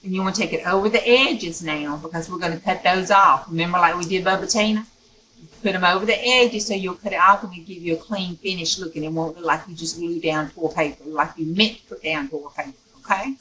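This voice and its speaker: A woman's voice: on the low side, fairly quick, bright, forceful tone, slight background noise, rough recording. A woman teaching a step-by-step craft tutorial in a folksy, chatty way, often checking in with "okay?".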